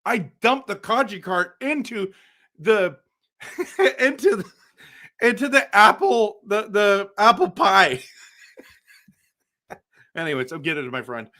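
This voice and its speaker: Animated, excitable male stream host. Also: sits high, slow pace, long pauses. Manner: excitable, animated, exasperated outbursts. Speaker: livestream host. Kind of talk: casual live-stream chat with viewers.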